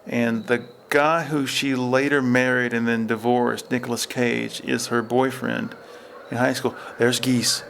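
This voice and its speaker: A man's voice: mid-range voice, level tone, unhurried, vocal fry, a bit bright, slight background noise. A man hosting a casual podcast outdoors by a river, telling rambling stories about films. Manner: rambling storyteller, acts out film quotes. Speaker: podcast host. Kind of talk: casual chat. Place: outdoors at a state park by a river.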